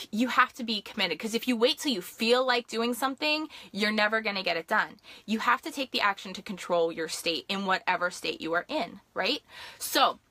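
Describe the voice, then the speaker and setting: A young woman coach on a live stream, excited and fast-talking, with lots of fillers and quick asides to her viewers. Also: mid-range voice, no room sound. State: hyped up. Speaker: life and business coach.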